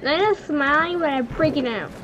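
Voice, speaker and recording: A young woman hosting a casual gaming video, excitable, giggly and nervous as she plays with a friend. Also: sits high, normal speed, lo-fi sound, slight background noise. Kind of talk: casual gameplay chat.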